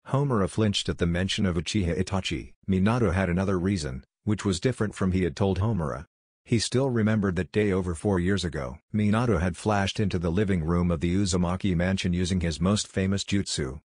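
A man narrates the story in a low, slightly husky voice. The sound is dry and close, with no room around it. He keeps an even, steady reading pace throughout. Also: a little fast, no room sound. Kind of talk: scripted narration of a fan fiction story.

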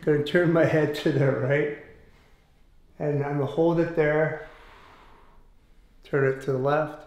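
A man leading a guided fascia exercise class, giving calm step-by-step cues and explaining as he goes. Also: on the high side, measured pace. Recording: roomy echoey room.

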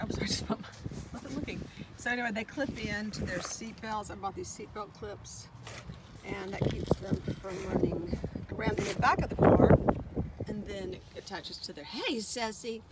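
A woman's voice: medium pitch, very noisy. A middle-aged woman, rambling casually as a vlogger and chatting to her dogs. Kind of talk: casual chat.

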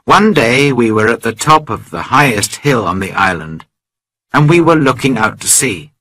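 A man slowly narrating a simple story for English learners, reading clearly and carefully. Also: medium pitch, lively intonation, bright, forceful tone, no echo, low-quality recording.

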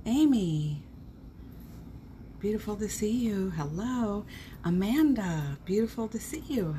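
A woman's voice: fairly high pitch, sing-song, slow pace, pauses often, dark tone, a little hiss or hum. A middle-aged woman hosting a casual morning live stream, greeting viewers by name in a gushing, upbeat way.

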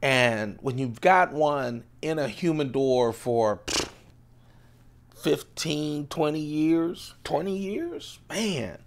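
This EDC video host, a man in his late fifties, talks slowly in a fairly high, expressive voice while displaying his everyday-carry items. He chats freely, laughs a lot, and wanders off topic.

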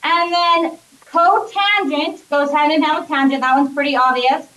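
A woman's voice: high voice, steady tone, moderate pace, a bit bright. A woman math teacher giving a classroom lecture, upbeat and often checking in with her students. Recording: echoey classroom, voice from a distance.

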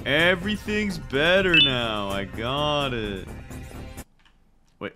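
A man giving frantic, excitable, self-mocking commentary as he plays a game. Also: on the high side, normal speed. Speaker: gamer. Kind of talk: let's play commentary. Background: loud game music.

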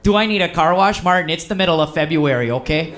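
A man's voice: fairly high pitch, fast, fairly bright tone, natural voice. A man voicing an overconfident, long-winded small-town uncle with a folksy Wisconsin accent. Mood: eager.

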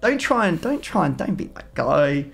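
A man with a slightly raised pitch and a gravelly edge hosts a gaming video. He talks in loose, self-mocking banter while game music plays underneath. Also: very animated, normal speed. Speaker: gaming YouTuber host. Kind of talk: casual gaming chat.

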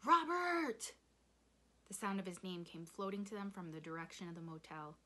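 A woman reading a children's novel aloud in measured storytelling. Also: on the low side, fairly even intonation. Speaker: reader.

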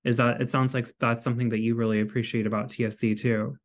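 A man's voice: medium pitch, level tone, fast. A man hosting an interview over a video call, asking questions in a friendly, conversational way. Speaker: interviewer host.

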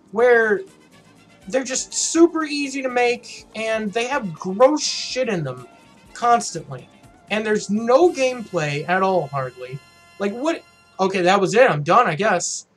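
A man with a slightly higher voice, casually talking through a game he is playing. He is blunt and mocking and swears often as he commentates. Faint game music sits behind him. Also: fairly bright tone, breathy edge. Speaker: gaming channel host.

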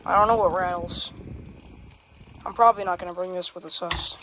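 A woman's voice: on the low side, fairly even intonation, brisk. A woman casually narrating a home vlog while fumbling with gear and cursing often, recorded on a phone. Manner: rambling, swears a lot, fumbles with gear. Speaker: fan collector vlogger. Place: home room. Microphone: phone camera. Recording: phone video with loud fan noise behind.

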